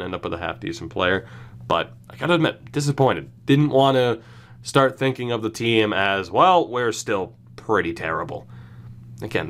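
A man's voice: mid-range voice, fairly bright tone. Young guy rambling thru his hockey game season, dry jokes, little laughs mid sentence. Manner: rambling, wry, chuckles through words. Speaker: gaming YouTuber. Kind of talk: casual franchise-mode commentary.

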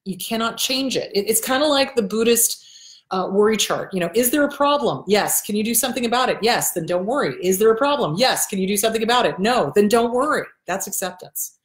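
A woman's voice: fairly high pitch, expressive, brisk. Blunt, emphatic woman counselor in an echoey room. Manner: blunt and emphatic, repeats key phrases, swears casually; acts out quoted people in a shifted voice. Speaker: host and counselor answering viewer questions. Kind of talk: casual advice talk to camera. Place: indoors in front of a backdrop.

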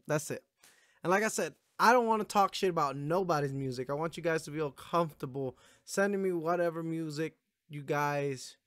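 Kinda high-voiced guy rambling + cussing about songs he's reacting to, dry close sound. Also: a bit bright, no echo. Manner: laid-back, rambling, swears often, yawning. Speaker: music reaction streamer. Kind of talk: casual reaction commentary. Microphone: gaming headphones setup.

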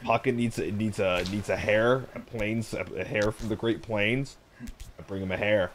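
A man with a fairly low voice chats loosely while streaming a game. He rambles, restarts his sentences and bursts into swearing without warning. A faint hiss sits under his speech. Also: steady tone, normal speed. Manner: rambling, with repeated restarts and sudden swearing outbursts. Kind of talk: casual chat while playing a game.

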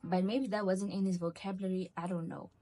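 Husky-voiced woman storyteller. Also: mid-range voice, fairly quick. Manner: animated storyteller acting out quoted dialogue. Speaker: vlogger. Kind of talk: storytime vlog.

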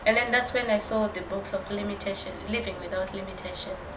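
A woman's voice: mid-range voice, steady tone, fairly quick, crowd noise. A woman guest earnestly telling her story in casual conversation. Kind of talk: casual chat. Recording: roomy with background noise.

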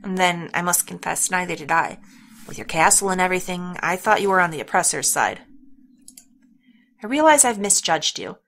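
A woman's voice: fairly low pitch, lively intonation, normal speed, fairly bright tone. A woman reading the lines of an earnest male sawmill worker who rallies people against local rulers, in her own near-plain voice. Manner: earnest, rallying. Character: earnest middle-aged male sawmill worker, rabble-rousing.

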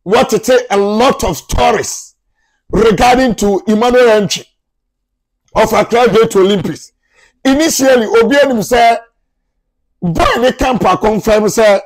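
A man with a Ghanaian accent hosting his own sports news channel. He gives football transfer updates in a chatty, animated way and talks to his viewers as if they were family. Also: high voice, unhurried, pauses often. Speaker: sports journalist, YouTube channel host.

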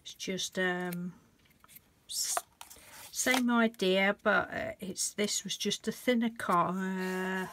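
A woman's voice: mid-range voice, steady tone, takes it slowly, a bit bright, a little hiss or hum. A woman hosting a casual painting tutorial, chatting and thinking aloud as she works and gushing over the colours. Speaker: craft channel host.

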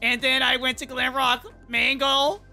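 A woman's voice: high-pitched, flat delivery, a little slow, vocal fry, pushed and bright, faint music behind, full character voice. A woman voicing a jumpy male animatronic fox boyfriend in casual online role-play, stammering and nervously bluffing. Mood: flustered.

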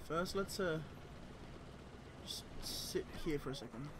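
A man's voice: fairly high pitch, animated, background noise. A man streaming a game, chatting casually to his teammates on screen, swearing freely and laughing easily. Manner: cheerful, quick to laugh. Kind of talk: casual gameplay commentary.

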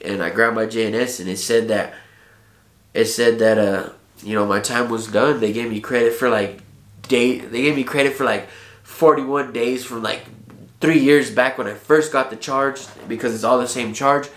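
Male vlogger, casual heartfelt storytelling, street slang and profanity, mid-pitched, roomy echo. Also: fairly even intonation, normal speed. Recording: echoey room.

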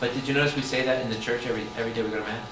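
Animated priest quizzing his Bible class. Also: mid-range voice, very fast. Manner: animated, quizzes the audience with constant questions, bursts into loud exclamations. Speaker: Catholic priest teaching Bible study. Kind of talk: lively Bible study teaching. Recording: echoey room, distant mic, audible background noise.

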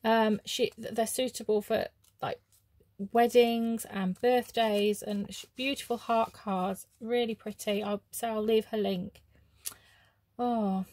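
A woman chatting casually as she opens craft mail, gushing with soft oohs and ums. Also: fairly high pitch, steady tone, slow, dry recording. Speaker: craft vlogger. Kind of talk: casual unboxing chat.

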